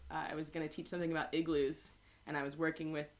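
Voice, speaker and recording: A woman's voice: low-pitched, racing. A young woman in casual chat with friends, telling a long story with lots of laughs and acted-out quotes. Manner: laughs often, animated storytelling with voiced quotes.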